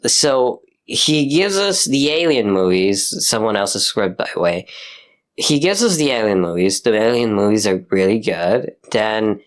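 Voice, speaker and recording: A man's voice: on the low side, animated, measured pace. Young guy ranting about movies, swears a lot, exasperated, lots of likes and restarts. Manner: profane, exasperated ranting with many fillers. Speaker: commentator. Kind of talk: casual rant.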